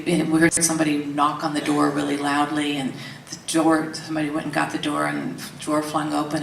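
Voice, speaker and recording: Low-voiced woman telling a story. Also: vocal fry. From Tennessee, US. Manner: animated, laughs often, acts out quotes. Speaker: interviewee. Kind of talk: candid storytelling interview. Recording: roomy, distant mic, faint background hiss.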